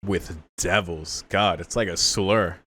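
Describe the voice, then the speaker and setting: A man's voice: deep voice, fairly even intonation, slow pace, a bit bright. A man reacting aloud to a show episode in casual commentary, exclaiming, swearing often and talking back at the characters on screen. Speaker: reaction video creator.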